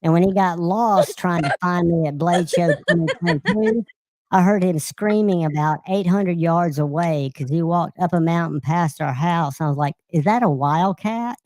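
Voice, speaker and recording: A woman's voice: lowish voice, steady tone, normal speed, a little mellow, no room sound. A woman telling a teasing anecdote in a casual livestream chat.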